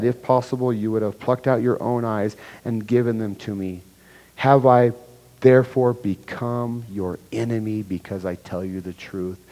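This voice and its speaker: A male pastor with a fairly low, mellow voice preaches a sermon in a church sanctuary, working through scripture verse by verse and acting out the quoted dialogue. The recording carries a long hall reverb.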